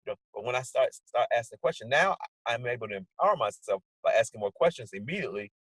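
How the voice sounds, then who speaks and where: Animated man telling stories, husky voice. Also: mid-range voice, fast talker, dry recording, rough recording. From Portland area, USA. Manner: animated storyteller, acts out his own inner dialogue. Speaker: guest. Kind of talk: casual conversation over video call. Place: indoors at home, sunny day. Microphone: video call setup.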